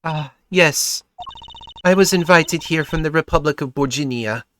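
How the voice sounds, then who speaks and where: A man voicing a calm, composed female singer in a game, using a put-on vague European accent and speaking formally. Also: a little high, a little slow, slight background noise, pitched above the performer's own voice. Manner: formal and polite.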